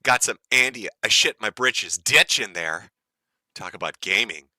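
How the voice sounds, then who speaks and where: A man from the United States hosts a live stream, ranting profanely, mockingly and gleefully. His lowish voice is expressive and sharp, unhurried, captured in a dry, studio-quality recording.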